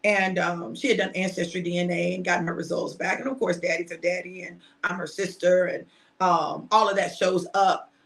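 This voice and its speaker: A middle-aged woman preaching informally to her online audience, shouting and emphatic at times, then reflective and personal. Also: fairly low pitch, fairly even intonation, normal speed, vocal fry. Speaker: preacher and host.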